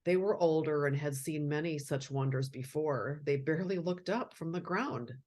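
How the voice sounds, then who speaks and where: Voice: mid-range voice, moderate pace, darkish tone. A host reading a children's picture book aloud and adding casual commentary and laughing asides.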